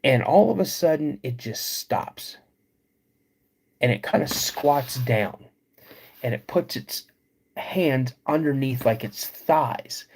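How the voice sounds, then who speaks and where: A man hosts a live podcast and tells an eerie story in an unhurried, drawn-out way. His voice is husky. He pauses for suspense and addresses his chat directly. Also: mid-range voice, expressive, darkish tone. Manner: slow, suspenseful retelling with dramatic pauses. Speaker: podcast host.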